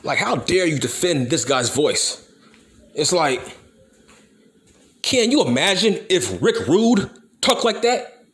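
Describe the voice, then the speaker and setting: A man on a solo commentary video, going off in a heated and profane rant. His voice sits a bit high for a man and swings up and down a lot as he hammers each point over and over. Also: very animated, takes it slowly, pauses often. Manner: heated, profane, repeats himself for emphasis. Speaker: wrestling YouTuber. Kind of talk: profane opinion rant to camera.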